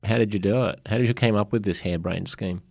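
A man's voice: on the low side, fast, creaky, a little mellow, no room sound. Brief: male podcast host, chatty and laughing, dry close recording. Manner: chatty, laughs often, mumbled fillers. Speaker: podcast interviewer. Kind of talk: casual interview chat.

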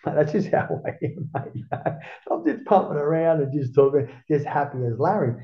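A middle-aged Australian man with a gravelly, creaky voice tells stories in a loose, rambling, swearing manner. He sounds like he is in a roomy, echoing space, and the recording is a bit dull and lo-fi. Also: a little high, animated, normal speed. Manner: rambling, profane, peppered with "mate". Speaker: interview guest. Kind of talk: casual storytelling.

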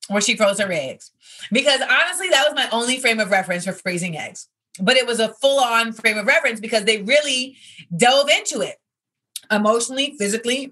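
A woman's fairly high, pushed, bright voice carries a chatty storytelling monologue. She is a comedian in her thirties hosting a podcast segment, and her casual talk is full of fillers like "you know."

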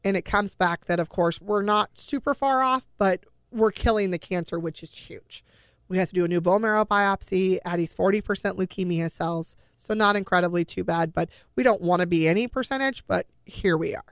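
Woman with a gravelly voice telling a family story. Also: fairly low pitch, a little fast, no echo, clean studio sound. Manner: emotional retelling with acted-out quoted dialogue. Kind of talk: personal storytelling.

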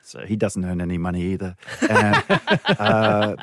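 A middle-aged New Zealand man with a fairly low voice, joking and rambling as a guest in a radio studio. He laughs easily and trips over his words as he tells stories. The sound is close and dry, with no room around it. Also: very animated, unhurried, fairly bright tone, dry recording. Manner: chatty, laughs often, lots of restarts. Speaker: comedian guest. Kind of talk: radio interview, storytelling. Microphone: studio microphone.

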